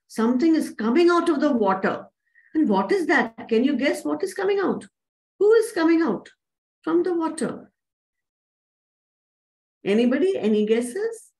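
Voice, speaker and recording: A woman narrating a children's story to a young audience in an animated way, asking them questions. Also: high-pitched, normal speed, long pauses, rough recording.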